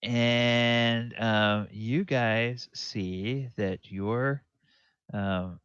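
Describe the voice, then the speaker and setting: Man, dungeon master, very unhurried, ums and restarts, dull lo-fi dry recording. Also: medium pitch, fairly even intonation, a bit bright, clean tone, no echo. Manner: halting, full of ums and restarts. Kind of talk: narrating a tabletop game.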